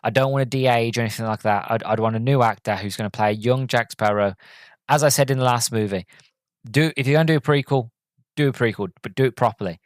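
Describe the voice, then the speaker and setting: A man's voice: mid-range voice, quick pace, no room sound, clean studio sound. Deflated man rambling through a review. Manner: rambling, hesitant, many fillers and restarts. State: sounds deflated and let down. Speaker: podcast host and film reviewer. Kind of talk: casual spoken film review.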